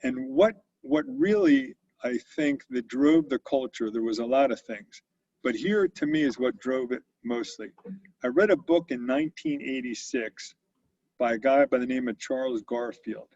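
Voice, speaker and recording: Gravelly-voiced man in his sixties. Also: medium pitch, animated, moderate pace, a little mellow, no room sound. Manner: anecdotal, conversational, with frequent fillers and restarts. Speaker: company CEO, interview guest. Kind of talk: storytelling in an interview. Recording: dull lo-fi audio.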